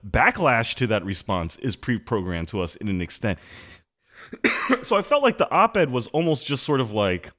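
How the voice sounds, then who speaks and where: A man's voice: medium pitch, moderate pace. A man co-hosting a podcast in casual chat, rambling and acting out quotes. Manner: animated, rambling, acts out quotes. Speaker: podcast co-host.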